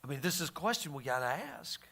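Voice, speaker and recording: A man's voice: a little high, lively intonation, fast talker, bright, forceful tone. A man teaching the Bible in a casual, folksy way, often restarting his sentences. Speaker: pastor.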